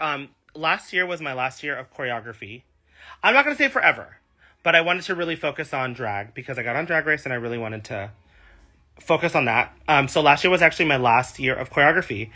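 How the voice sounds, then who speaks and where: A man's voice: on the high side, pushed and bright. A young man from California, a drag performer, chatting casually on a livestream and reading viewer comments aloud.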